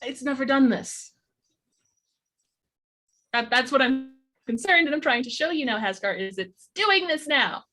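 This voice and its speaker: A woman's voice: sits high, animated, a little slow, pauses often, pushed and bright. A woman playing a tabletop role-playing game, talking earnestly through her character's actions and laughing often. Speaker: player.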